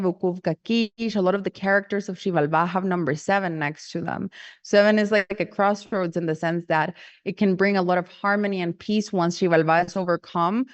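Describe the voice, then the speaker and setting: A woman's voice: medium pitch, muffled recording. A woman retelling a myth in a casual, chatty way, with lots of fillers and frequent laughs. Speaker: storyteller.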